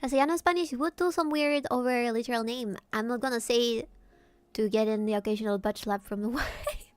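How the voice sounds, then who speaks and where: A woman's voice: a little high, brisk, no echo. A woman streamer chatting casually and jokily while she sketches, thinking aloud as she goes. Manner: playful, jokey, thinking aloud.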